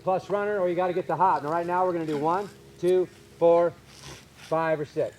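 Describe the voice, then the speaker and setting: A man coaching baseball infielders on a field, calling out short, energetic drill cues and explaining technique. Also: a little high, fast, slight background noise.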